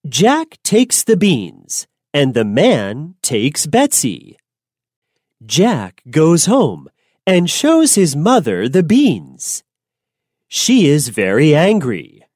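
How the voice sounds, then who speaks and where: Slow, lively storybook narrator woman. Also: low voice, no room sound, clean studio sound. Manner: clear, simple and deliberate.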